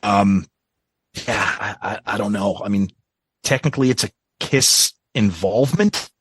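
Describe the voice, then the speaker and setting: A man's voice: on the low side, measured pace, husky, dry recording. A man co-hosting a podcast in casual chat, hesitant, with many ums and restarts. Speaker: podcast co-host.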